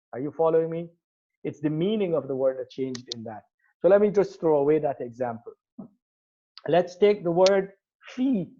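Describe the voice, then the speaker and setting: In a classroom lecture on Arabic grammar, a man walks through the material step by step and checks that the class is keeping up. His voice is fairly high, and the recording has its upper frequencies cut off.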